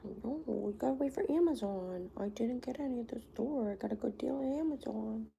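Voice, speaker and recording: A woman's voice: a little high, a little fast, creaky, dark tone, slight background noise. A woman in her forties hosting a casual livestream, chatting with viewers in a loose, filler-heavy way. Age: 40s. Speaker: livestream host.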